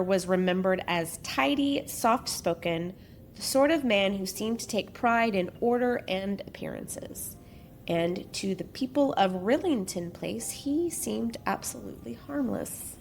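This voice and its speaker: A woman with a mid-range voice, recorded with a little hiss or hum, hosts a podcast. She reads a true-crime story casually, breaking off for joking asides.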